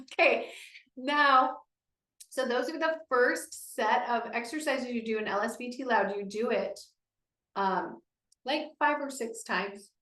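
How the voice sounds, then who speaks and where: A woman's voice: on the high side, fairly bright tone, reverberant, poor audio. Encouraging woman speech therapist coaching a class. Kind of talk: leading voice exercises in a class.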